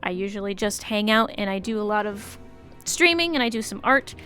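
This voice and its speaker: A young woman streaming a video game, chatting casually with her viewers, swearing at the game and greeting people loudly. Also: medium pitch, fairly quick, faint music behind. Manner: chatty, swears, loud excited greetings to chat.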